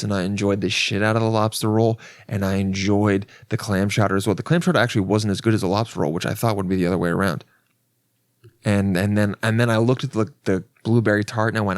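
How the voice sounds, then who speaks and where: A man's voice: lowish voice, brisk, no echo, studio quality. A young adult man hosting a podcast, telling a story in a casual, rambling, profane and self-mocking way, with many restarts. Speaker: podcast host.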